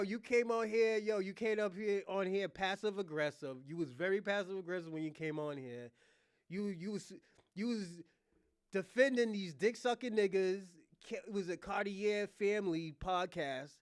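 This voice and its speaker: A man's voice: sits high, expressive, moderate pace, clean tone, no echo, clean studio sound. A man hosting a casual livestream rant, mocking someone, laughing often and repeating himself. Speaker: livestream host.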